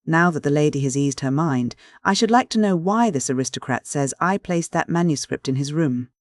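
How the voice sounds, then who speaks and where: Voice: mid-range voice, lively intonation, brisk, no room sound, clean studio sound, natural voice. A narrator voicing a cool, defiant American sea captain who speaks with a drawl.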